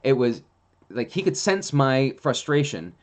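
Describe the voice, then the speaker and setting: A man hosting a casual monologue, telling rambling, animated stories with plenty of fillers. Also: medium pitch, a little slow. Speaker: host.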